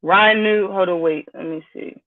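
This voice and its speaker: Here a woman of medium pitch talks at normal speed as she hosts a stream, welcoming chat viewers while delivering a heated, profane, blunt rant. Sound quality is lo-fi, much like a phone recording.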